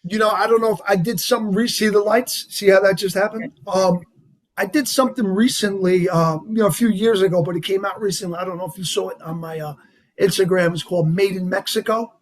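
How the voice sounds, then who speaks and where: A man with a heavy New York accent, talking as a guest in a casual interview, animated and rambling with lots of "you know" and "like". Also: sits high, fast talker. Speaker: actor guest.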